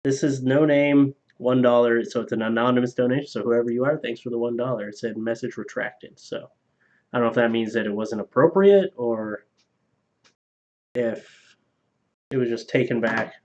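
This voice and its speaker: Male streamer reading donations, casual and crude, mid-pitched, slightly muffled stream audio. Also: normal speed, darkish tone. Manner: loose and profane, laughing at his own jokes. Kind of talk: casual live-stream chat.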